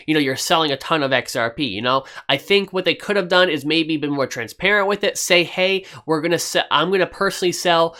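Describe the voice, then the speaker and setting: A man's voice: a little high, sharp tone. A man hosting his own finance video, giving his opinions in a casual, conversational way, with lots of "you know" and "okay".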